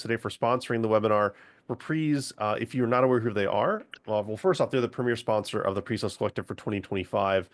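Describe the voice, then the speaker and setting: A man opens a webinar over a video call, cheerfully reading out introductions. His voice sits a little low. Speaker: webinar moderator. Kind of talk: scripted introductions.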